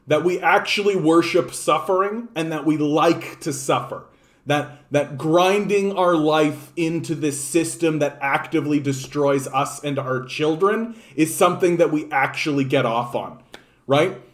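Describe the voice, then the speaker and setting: A man giving an angry, profane and sarcastic political rant, repeating himself for emphasis. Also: a little high. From Canada. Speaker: political commentator. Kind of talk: ranting political monologue.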